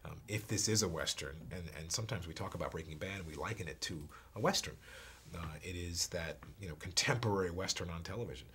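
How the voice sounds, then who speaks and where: A man, an actor, telling a story in an interview, halting and repeating words, sometimes dropping to a hush. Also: low-pitched, slight background noise.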